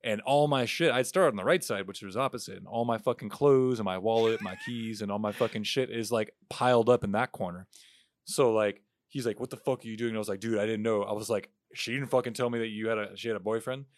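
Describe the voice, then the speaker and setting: A man's voice: on the low side, quick pace, dry recording, clean studio sound. A young man on a podcast, telling a story in casual chat, swearing freely and acting out what everyone said. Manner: profane, animated storyteller acting out quotes. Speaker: podcast co-host.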